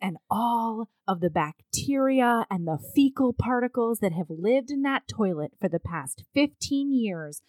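A woman recaps a book in casual chat, taking her time over every word. She is blunt and crude, and she tells it with animation. Her voice sits a bit high and sounds dry and close. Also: expressive, measured pace, few pauses, darkish tone, no echo.

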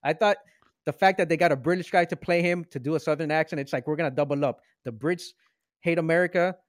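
A man co-hosting a casual movie podcast, arguing his points in an animated, mock-serious way and laughing often. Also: a little high, quick pace, no room sound, studio quality. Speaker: podcast co-host. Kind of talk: casual movie review chat.

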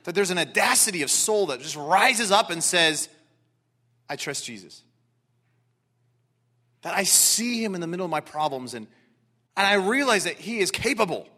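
A man preaching a sermon, explaining scripture and dropping into quiet, earnest asides. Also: high voice, animated, fairly quick. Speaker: pastor.

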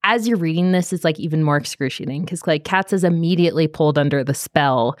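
A woman's voice: low voice, fast talker, no room sound, clean studio sound. A woman co-hosting a book podcast, recapping the plot casually with lots of swearing and filler words. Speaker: podcast co-host. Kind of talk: casual book-club chat.

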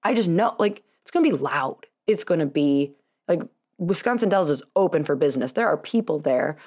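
Woman, 30s, podcast host; slightly low pitch; chatty, self-deprecating storyteller who laughs a lot. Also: lively intonation, a little fast, a little mellow. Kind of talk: casual storytelling monologue.

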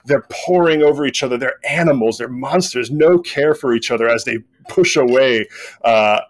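A man narrating as game master of a tabletop game, relaxed, with frequent hesitations. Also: mid-range voice, normal speed.

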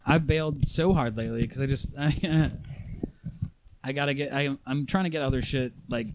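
A man with a mid-pitched voice chats as a comedian guest on a podcast. He rambles and hesitates, often trailing off mid-thought. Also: moderate pace. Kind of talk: casual chat.

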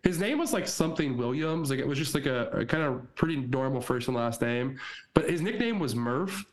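A man co-hosting a podcast, telling stories in a relaxed casual chat, laughing often and swearing freely. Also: medium pitch, a little fast. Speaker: podcast co-host. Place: Argentina.

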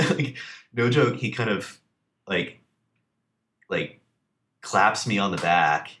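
A man's voice: fairly low pitch, sing-song, very slow, pushed and bright. A man telling a personal story in a casual chat, full of fillers and acting out what people said. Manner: rambling with many fillers, acts out quoted lines.

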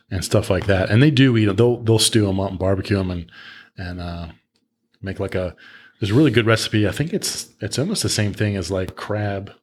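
Man, podcast guest, fairly low voice, rambling, self-mocking, casual storytelling. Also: a little hiss or hum. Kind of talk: casual chat.

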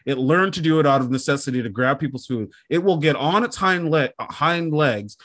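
With a rather high, expressive voice, fairly bright in tone and at normal speed, a man co-hosting a podcast talks casually. He tells a comic story in a rambling, self-deprecating way.

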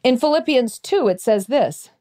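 Expressive woman telling a devotional story. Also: sits high. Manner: expressive storyteller who slows down for emphasis. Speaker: speaker giving a Christmas devotional.

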